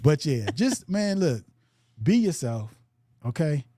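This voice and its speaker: A man's voice: fairly high pitch, very animated, slow, mellow, dry recording, studio quality. A man hosting a podcast in casual chat, loose and full of fillers, often checking in with "right?". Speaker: podcast host.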